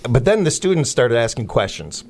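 A middle-aged man hosting a casual morning radio show in a studio, chatty and quick to laugh. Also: medium pitch, very animated. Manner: chatty, laughs often, stumbles and restarts.

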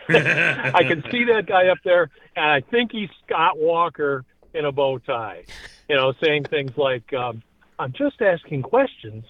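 A man's voice: a little high, measured pace. A man calling in from his car, talking in a rambling way with frequent chuckles. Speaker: caller. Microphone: phone. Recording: tinny phone line.

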